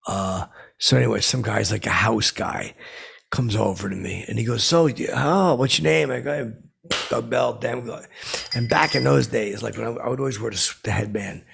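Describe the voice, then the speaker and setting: A man playing a belligerent, boastful washed-up guy in an in-character comedy podcast, rambling and halting with many fillers and restarts. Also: medium pitch, vocal fry, a bit bright, a little hiss or hum.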